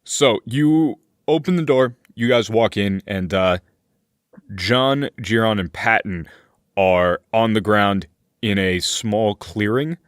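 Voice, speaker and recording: A man with a lowish voice narrates a tabletop game as its game master. He lays out scenes in an unhurried, deliberate way. The sound is dry and close, with no room behind it. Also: no echo. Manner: slow, deliberate scene-setting.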